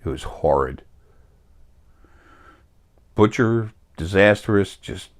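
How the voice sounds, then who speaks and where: A man's voice: low-pitched, expressive, slow. A man giving a rambling spiritual talk as a teacher, earnest, often stopping to correct himself. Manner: meandering, self-correcting, earnest.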